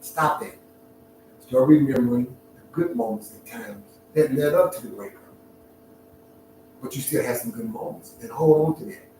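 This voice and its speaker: A man giving an emotional, heartfelt talk, swinging from hushed near-whispers to loud preaching. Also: mid-range voice, noisy background. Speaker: talk show host. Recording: very echoey room, far from the mic, clear music behind.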